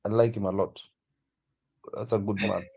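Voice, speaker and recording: A man's voice: lowish voice, fairly even intonation, normal speed, creaky, a little mellow, slightly rough. A Kenyan man cohosting a casual chat, playful and teasing as he mixes English and Swahili.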